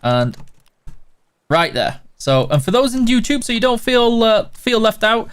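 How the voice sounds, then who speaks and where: A man's voice: very high voice, very animated, measured pace, clean tone. A man hosting a casual livestream, reading out viewers' names one after another and answering their questions in a friendly, teasing way. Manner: reads chat names aloud and answers questions. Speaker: livestream host.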